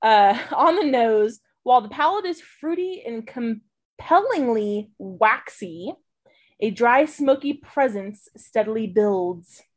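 A woman co-host in casual podcast chat, her voice sitting a little high. She talks animatedly and swears freely, and slows down when she reads tasting notes. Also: lively intonation. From mountain ski town.

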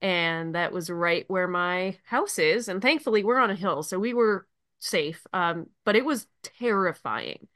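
A woman co-hosting a podcast with a bright, forceful voice. She talks casually and animatedly, swearing freely. She is from Connecticut. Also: fairly low pitch, animated, a little slow, dry recording, clean studio sound. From Connecticut, USA. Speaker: podcast co-host. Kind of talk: casual chat.

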